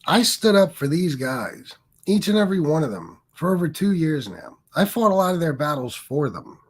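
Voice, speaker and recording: A man's voice: fairly high pitch, very animated, moderate pace, husky. Defensive, rambling middle-aged man streamer. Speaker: livestream host. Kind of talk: casual livestream monologue.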